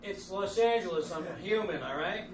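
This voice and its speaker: A man's voice: high voice, expressive, moderate pace. A man trading dry comebacks with his partner in a live comedy double act. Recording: echoey live club from a distant mic with crowd.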